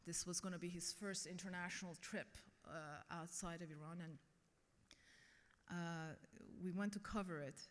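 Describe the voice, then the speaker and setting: A woman's voice: lowish voice, fairly even intonation, moderate pace. A middle-aged woman giving a keynote speech and telling a personal story earnestly. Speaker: keynote speaker. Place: conference hall. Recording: long reverb of a large hall.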